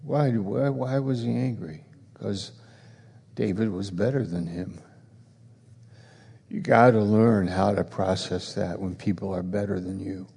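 A man preaches in a slow, measured rhythm, circling back on the same phrases and pressing his listeners with pointed questions. His voice has a gravelly edge, and a long reverb trails each line. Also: on the low side, fairly even intonation, warm tone. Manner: repetitive, emphatic preaching that swells into rhetorical challenges. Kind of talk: sermon.

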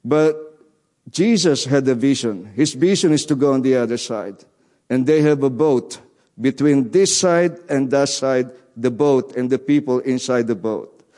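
A man's voice: mid-range voice, measured pace, a little mellow. A man preaching a sermon in earnest, repeating his key phrases, with non-native grammar. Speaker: guest preacher.

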